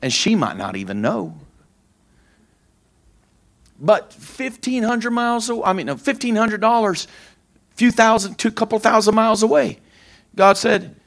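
A middle-aged pastor delivering a sermon in a slightly high-pitched voice. He tells plain, homespun stories, circling back over his own phrases with loose, informal grammar. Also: animated, unhurried, gravelly, long pauses, a bit bright. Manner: folksy storytelling, repeats phrases.

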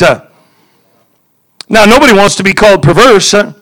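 A man preaching a fervent sermon, repeating himself and swinging from shouts to near-quiet asides. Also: sits high, lively intonation, normal speed, pauses often, low-quality recording.

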